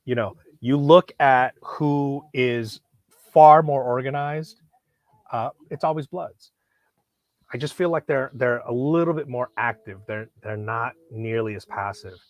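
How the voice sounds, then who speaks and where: A man's voice: medium pitch, measured pace, no room sound. Rambling profane man telling a story. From Hollywood, California. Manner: rambling, animated, profane, many restarts. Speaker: knife collector vlogger. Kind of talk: casual storytelling.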